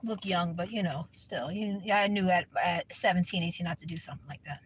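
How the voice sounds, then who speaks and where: A woman's voice: lowish voice, brisk, slight background noise, poor audio. A woman vlogging from her parked car, talking earnestly in a rambling way and often repeating herself. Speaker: Christian vlogger. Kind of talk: casual talk to camera.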